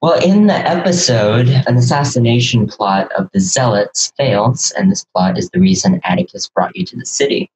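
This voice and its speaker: A man's voice: mid-range voice, expressive, moderate pace, hardly any pauses, husky, rough recording. A man co-hosting an interview, asking direct questions. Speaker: co-host.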